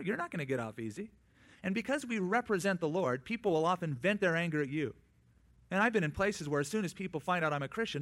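A man preaching a sermon in a conversational way, with quick asides and acted-out quotes. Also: a little high, fairly bright tone. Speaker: pastor.

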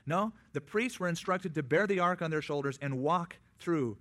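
A man preaching a sermon in a conversational way, with quick asides and acted-out quotes. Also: fairly high pitch, expressive, a bit bright. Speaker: pastor.

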